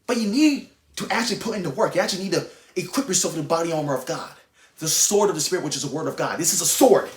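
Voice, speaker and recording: A man delivers a heated, informal sermon, blunt and profane. His pitch swings widely as he presses each point, and the voice rings in a roomy, echoing space. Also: animated, fast talker. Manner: intense, blunt, swears freely. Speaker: online Christian preacher. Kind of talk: fiery informal sermon to camera.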